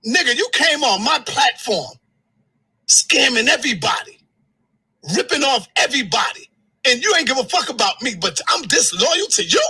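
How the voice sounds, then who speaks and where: High, shouting, heated man. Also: big pitch swings, normal speed, slightly rough, poor audio. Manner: heated, shouting, cursing, swinging pitch. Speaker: live streamer. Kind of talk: angry livestream rant.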